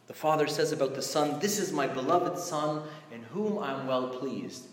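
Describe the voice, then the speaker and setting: A man's voice: on the high side, lively intonation, normal speed. A man preaching a sermon in a conversational, emphatic way, his voice rising on exclamations. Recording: echoey hall with faint background noise.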